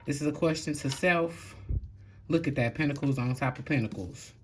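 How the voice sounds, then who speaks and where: A woman doing a casual tarot reading to camera, talking bluntly in slang and swearing freely, moving between calm stretches and loud outbursts. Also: deep voice, moderate pace, a little hiss or hum. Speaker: tarot reader.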